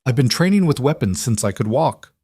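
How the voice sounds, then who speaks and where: A man's voice: medium pitch, animated, fairly quick, warm tone, slightly rough, no room sound, clean studio sound, voice pushed up. A man voicing a cruel, arrogant young nobleman soldier who talks with sneering contempt. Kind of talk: scripted storybook voice.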